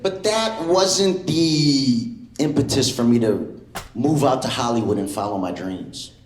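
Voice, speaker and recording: A man doing a stand-up comedy set in a comedy club, animated and jumping into loud impressions. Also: mid-range voice, a little slow, reverberant, soft background music.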